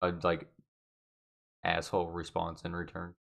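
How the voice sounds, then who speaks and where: Male co-host with a lowish voice. Relaxed and halting in casual banter. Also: vocal fry. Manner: laid-back, hesitant, lots of "like". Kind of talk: casual chat.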